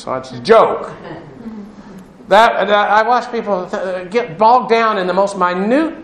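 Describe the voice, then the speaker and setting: A man's voice: high-pitched, lively intonation, takes it slowly, a bit bright. A man giving a Bible lesson, explaining Greek words and spelling them out letter by letter. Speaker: Bible teacher. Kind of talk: classroom Bible lecture. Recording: echoey room.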